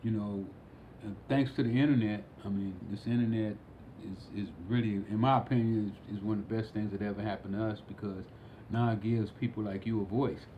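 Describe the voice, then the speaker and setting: A man's voice: fairly low pitch, fairly even intonation, fairly quick, lo-fi sound, a little hiss or hum. A man who is a podcast guest, talking unhurriedly with many fillers and restarts. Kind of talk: casual conversation.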